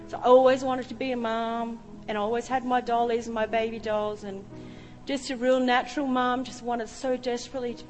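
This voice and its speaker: A middle-aged woman preaching a sermon, telling her own story with emotion. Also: a little high. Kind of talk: sermon testimony. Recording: reverberant hall with faint music.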